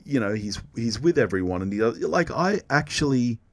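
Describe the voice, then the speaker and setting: Brief: Australian male podcast co-host, animated pitch, dry close sound, jokey. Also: moderate pace, dry recording. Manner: jokey, laughs often, runs a quiz round. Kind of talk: casual chat.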